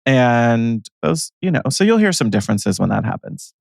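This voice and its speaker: A man's voice: mid-range voice, very animated, normal speed, creaky, no room sound, studio quality. Playful man cohosting a podcast. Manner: playful, joking, laughs easily. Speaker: podcast co-host. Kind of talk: casual chat.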